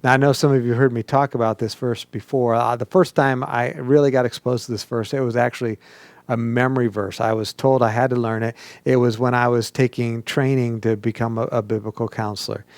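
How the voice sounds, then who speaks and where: A man's voice: medium pitch, steady tone, fairly quick, a little mellow, no room sound. A male pastor giving an interactive sermon, coaching listeners to speak aloud and mimicking whiny questions.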